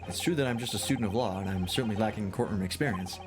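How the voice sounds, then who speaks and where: A man streaming a story game, reading the lead's lines and narration in a measured, plain way. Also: fairly low pitch. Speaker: streamer voicing a game's story.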